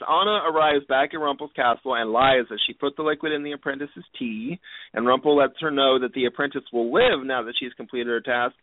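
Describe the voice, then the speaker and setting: A slightly high-pitched male co-host comes through a tinny, phone-like connection with faint hiss but no echo. In this relaxed podcast chat, he playfully and talkatively walks through a TV episode in detail.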